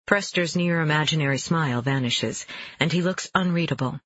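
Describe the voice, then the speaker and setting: Brief: male audiobook narrator, somewhat high, husky, measured first-person reading, dull lo-fi sound. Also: a bit bright. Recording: dull lo-fi dry recording.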